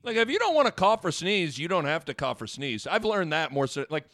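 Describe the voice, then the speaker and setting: A man's voice: on the high side, big pitch swings, brisk, a bit bright. A man hosting a sports talk show, rambling casually and joking, piling on analogies. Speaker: sports radio host.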